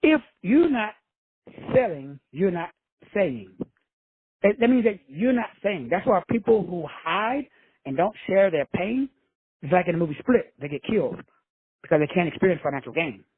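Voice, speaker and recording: Man, motivational talk, high-pitched, husky, dry tinny phone-line sound. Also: very animated, moderate pace, no room sound. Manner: preachy, addresses listeners as brothers and sisters; casual, with frequent swearing. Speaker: self-help speaker.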